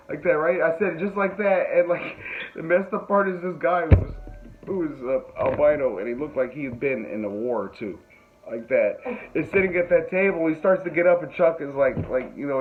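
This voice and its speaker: Speaking at a normal speed in a slightly high voice, this man hosts a podcast and spins a meandering funny tale. He laughs frequently and pokes fun at himself along the way. The sound is thin and phone-like, with a little background noise.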